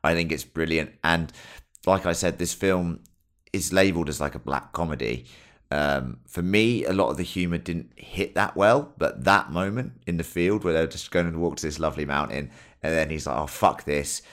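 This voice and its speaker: Very deep-voiced British man chatting. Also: normal speed, a bit bright. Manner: rambling, swears casually. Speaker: podcast co-host. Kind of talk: casual film discussion.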